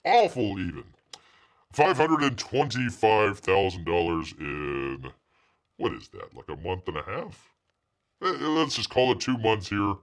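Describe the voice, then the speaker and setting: A middle-aged man hosting a live comics news stream chats casually, sarcastically, and ramblingly, calling himself Bear. His voice is fairly low and very animated, a little on the slow side.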